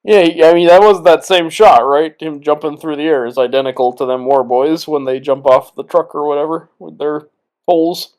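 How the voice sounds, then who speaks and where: A man's voice: a little high, normal speed, darkish tone, rough recording. A tipsy man co-hosting a movie watch-along, rambling and trailing off between laughs in casual commentary.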